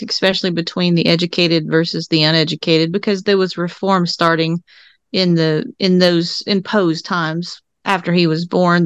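A woman's voice: fairly low pitch, clear, resonant tone, dry recording. A woman with a Southern accent co-hosting a casual discussion, chatty and loose, dropping the ends of words. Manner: chatty, loose, drops word endings. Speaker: co-host.

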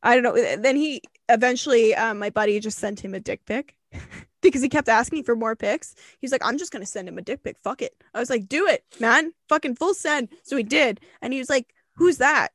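A young woman co-hosting a podcast, telling a story in a casual, animated way, laughing and swearing often. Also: fairly high pitch, fairly quick, no echo. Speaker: podcast co-host.

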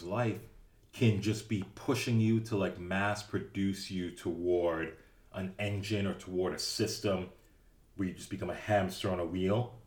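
Man, co-host, lowish voice, animated storyteller, echoey room. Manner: animated storyteller, acts out quotes. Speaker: podcast co-host. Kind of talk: casual chat about a film.

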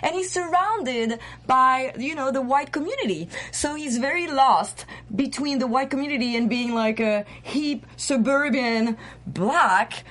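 Chatty French-accented woman, higher voice. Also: animated, measured pace, a bit bright. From France. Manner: playful, laughing, chatty. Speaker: fashion show co-host. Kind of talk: casual chat.

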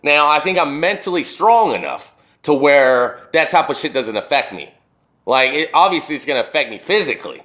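A young man telling a rambling, profane story to the camera, swinging between loud retellings and low muttering. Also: expressive, moderate pace. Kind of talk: casual storytelling monologue to camera. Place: indoors, wall behind him.

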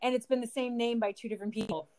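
A woman's voice: fairly high pitch, fairly even intonation, racing, a little mellow. A woman co-hosting a casual podcast, chatting and laughing as she recounts odd encounters. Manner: chatty, laughs often, retells encounters with quoted dialogue. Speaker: podcast co-host. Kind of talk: casual chat.

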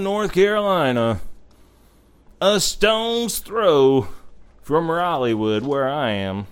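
A man's voice: on the high side, clean tone. A man hosting a casual podcast and introducing songs, rambling and enthusiastic, with lots of fillers and casual swearing. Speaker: podcast host. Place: North Carolina.

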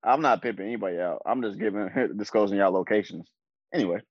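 A man's voice: fairly low pitch, fast, dry recording. A man co-hosting a podcast in casual banter, playful and boastful. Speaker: podcast co-host. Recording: dull lo-fi sound.

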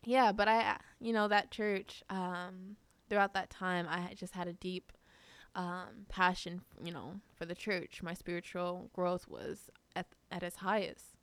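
A woman's voice: on the low side, creaky, smooth, dry recording. A woman telling personal stories in a casual, rambling way, full of fillers and restarts. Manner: rambling, many fillers and restarts, laughs often. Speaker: podcast guest.

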